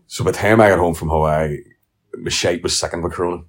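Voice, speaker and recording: A middle-aged Northern Irish man hosts a podcast, ranting casually and telling blunt, sweary stories. His voice is low and his pace quick.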